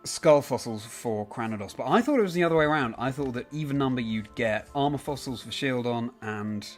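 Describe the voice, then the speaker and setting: A man's voice: medium pitch, expressive, brisk, faint music behind. A young man chatting casually on a live stream, rambling and correcting himself as he answers viewers by name.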